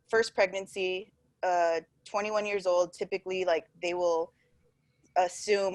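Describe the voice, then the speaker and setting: A woman's voice: fairly low pitch, no room sound. A woman in her twenties, a podcast host, telling a personal story in casual chat, full of fillers and laughter.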